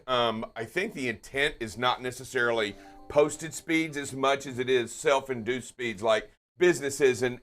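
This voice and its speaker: Emphatic man, mid-pitched. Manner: warm-hearted, emphatic, jokey. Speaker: co-host of a trucking live show. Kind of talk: casual live-stream chat.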